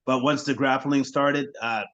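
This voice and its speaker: A man co-hosting a sports podcast in casual chat, sarcastic and quick to laugh, often repeating his words. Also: mid-range voice, steady tone, fairly bright tone, highs cut off.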